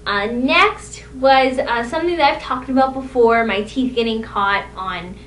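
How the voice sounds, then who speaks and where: An unhurried woman with a fairly bright tone, young and vlogging casually, rambles through self-deprecating stories from her own life. The mic sits at a distance in an echoey room, with a faint rumble underneath.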